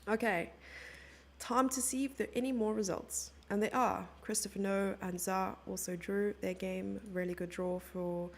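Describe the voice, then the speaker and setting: Chatty woman streamer, gravelly. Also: mid-range voice, fairly even intonation, moderate pace. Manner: chatty, playful, reads out and answers chat. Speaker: chess commentator and streamer. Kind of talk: live stream commentary, chatting with viewers.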